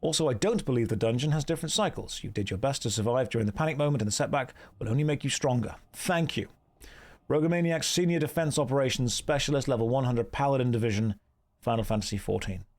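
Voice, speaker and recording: A man's voice: mid-range voice, quick pace. An English man streaming an online game, chatting casually with viewers and reading out their messages in a wry, teasing way. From England. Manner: chatty, wry and teasing, thanks donors warmly.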